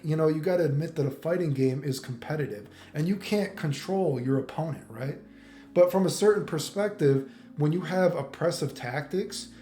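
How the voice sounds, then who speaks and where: A man's voice: fairly high pitch, warm tone. A man hosting a fighting game video, talking in a rambling, profane casual monologue. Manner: rambling, profane, many "you know what I mean". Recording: echoey room with faint music.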